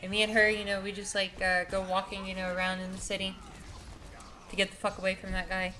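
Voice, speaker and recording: A woman's voice: medium pitch, completely flat delivery, fast, sharp tone, slight background noise. A young adult woman telling a story casually, rambling and profane, with many filler words. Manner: rambling, profane, heavy with "like" and "you know".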